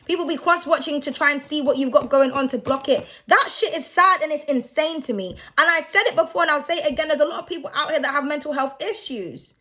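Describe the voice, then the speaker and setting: High-voiced woman in a blunt, profane rant. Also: fast, few pauses, bright, forceful tone. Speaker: tarot reader. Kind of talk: casual vlog rant.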